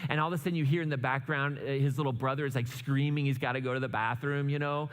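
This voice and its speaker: A man's voice: medium pitch, fairly even intonation, fast talker, clear, resonant tone. A man preaching a conversational sermon in a church, chatty and joking, often checking in with the listeners with "right?". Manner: chatty, asks "right?" often, jokes asides. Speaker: pastor. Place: church sanctuary. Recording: long hall reverb.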